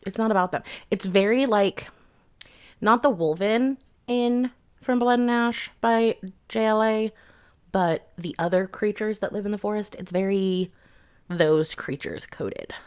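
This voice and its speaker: A woman's voice: mid-range voice, fairly bright tone. A young adult woman giving a rambling, sarcastic book review in a casual rant, swearing freely.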